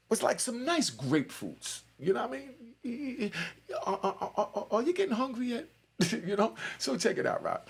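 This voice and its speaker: This commentary channel host, a man in his 60s, has a gravelly, husky voice on the high side. Telling stories in a loose, streetwise way on his livestream, he keeps checking whether you follow him with "you know what I mean."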